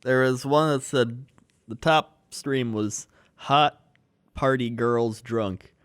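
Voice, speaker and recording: A man co-hosting a podcast with a middle-pitched voice. He tells stories loosely and fills them with "like". The sound is close and dry, with no room echo. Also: takes it slowly, a bit bright, smooth. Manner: loose storytelling with many fillers. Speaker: podcast co-host. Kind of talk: casual chat.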